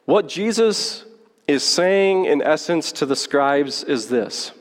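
A pastor preaching a sermon, teaching through a Bible passage in a conversational way and checking in with the listeners. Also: male voice, fairly high pitch, expressive, a little slow. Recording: long hall reverb.

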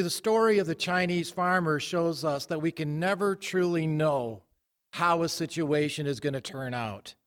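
A man's voice: a little high, fairly bright tone, big-room sound. A man preaching a sermon, telling stories in a plain, conversational way.

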